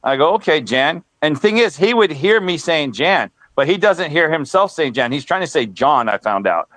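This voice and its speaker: A man's voice: on the high side, lively intonation, normal speed, a bit bright, dry recording. Storytelling middle-aged man host. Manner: storytelling, chuckles at own jokes. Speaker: stream host. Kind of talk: casual chat.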